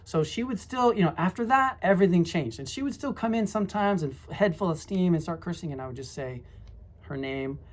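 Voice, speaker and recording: A middle-aged former high school teacher telling classroom stories in a rambling, reflective way, full of asides. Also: lively intonation, brisk. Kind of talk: casual storytelling monologue.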